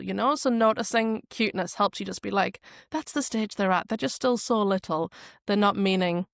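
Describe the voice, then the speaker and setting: A woman with a Geordie accent, a speech therapist and podcast guest, talking in a chatty, lively way and telling stories. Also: medium pitch, fairly quick, no echo, studio quality. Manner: warm, chatty, animated storytelling. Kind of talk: casual interview chat.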